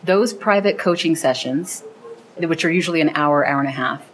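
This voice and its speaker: A woman's voice: deep voice, moderate pace, low-quality recording. A woman being interviewed about the program she founded, telling stories earnestly and with enthusiasm. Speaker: founder of a program linking teens and seniors. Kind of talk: interview conversation.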